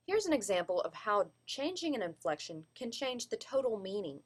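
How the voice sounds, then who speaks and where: Woman presenting to class, pitch goes all over, explains and stresses words to show emphasis. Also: big pitch swings, moderate pace, breathy edge. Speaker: student presenter.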